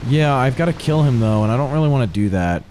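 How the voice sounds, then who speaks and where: A man's voice: mid-range voice, expressive, fast talker, warm tone, slight background noise. Young man cursing through a game. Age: young adult. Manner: swears often, frustrated with the game. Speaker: gamer playing a game on a let's-play. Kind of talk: casual gaming chat.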